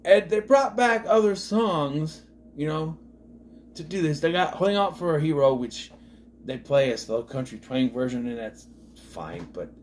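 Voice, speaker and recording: A man's voice: on the high side, slight background noise. A man giving a casual, rambling movie review, trailing off with lots of asides. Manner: rambling, full of "you know" and restarts.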